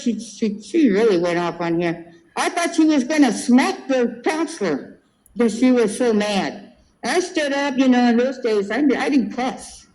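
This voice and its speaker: A woman in her seventies from California, recalling her school years in a lively storytelling way and acting out the people she quotes. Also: a little high, normal speed, a little hiss or hum, poor audio. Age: 70s. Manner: lively storyteller who acts out quoted voices. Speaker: interviewee. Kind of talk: oral history recollection.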